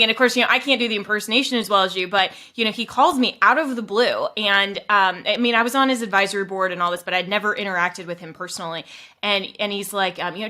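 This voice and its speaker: A woman hosting an interview, talking in an animated way and laughing often. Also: mid-range voice, fast. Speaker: host. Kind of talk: interview conversation.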